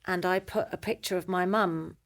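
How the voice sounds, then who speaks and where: A middle-aged British woman, a guest in a conversation, telling a personal story in an animated way and acting out the voices she quotes. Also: fairly low pitch, moderate pace. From Britain.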